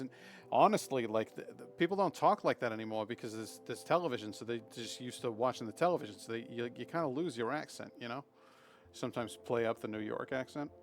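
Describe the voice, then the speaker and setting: A man from Massachusetts giving rambling, chatty live commentary while playing a game, breaking into loud laughter. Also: mid-range voice. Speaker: streamer. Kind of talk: live let's play commentary.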